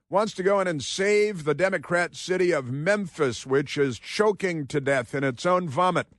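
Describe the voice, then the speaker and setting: A man's voice: a little high, normal speed, few pauses, fairly bright tone, no echo, clean studio sound. A man hosting a political talk radio show, delivering a sarcastic, mocking monologue.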